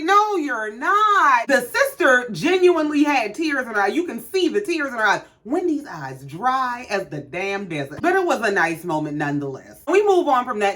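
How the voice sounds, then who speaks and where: A woman's voice: mid-range voice, a bit bright. A woman casually recapping a reality show with sassy, profane commentary.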